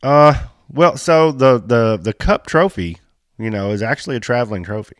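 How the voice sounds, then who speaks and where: A man's voice: mid-range voice, expressive, moderate pace, dry recording, clean studio sound. A man, hosting a casual chat in a blunt, joking, folksy way. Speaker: podcast host. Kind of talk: casual chat about off-road racing.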